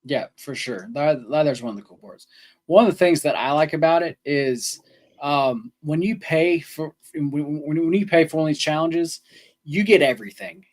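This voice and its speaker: A man's voice: on the high side, moderate pace. A man co-hosting a sports betting show, rambling casually with lots of ums and restarts. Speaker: co-host. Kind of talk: sports betting podcast chat.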